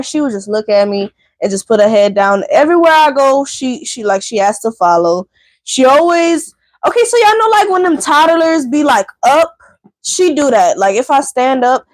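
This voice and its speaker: A woman's voice: sits high, lively intonation, normal speed, dry recording. A woman hosting a casual livestream at home, chatting with viewers and addressing them as y'all. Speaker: channel host. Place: home indoors.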